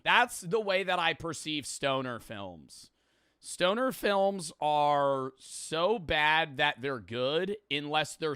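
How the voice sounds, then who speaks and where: A young man gives casual reaction commentary, swearing and laughing. His voice swings widely in pitch and sounds bright and crisp. The recording is dry and close. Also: no room sound. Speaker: YouTube host.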